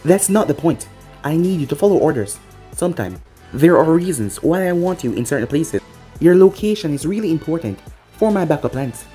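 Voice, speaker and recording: A storybook narrator voicing a weary young ninja squad leader who scolds in a flat, tired way. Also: mid-range voice, brisk, faint music behind, natural voice. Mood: stern.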